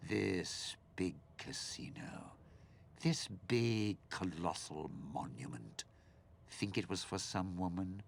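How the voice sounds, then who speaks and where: A man's voice: animated, takes it slowly, slight background noise, heavily acted. An actor voicing a bitter, scheming older man in a video game, speaking in a menacing drawl. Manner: low gravelly menacing drawl.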